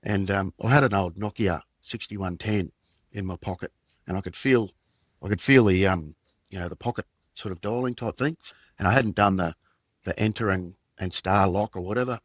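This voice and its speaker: A middle-aged Australian man with a fairly low voice recounts a personal story as a podcast guest. He speaks haltingly and reflectively, with plenty of fillers and restarts. The sound is dry, with no room echo. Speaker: podcast guest, former police detective.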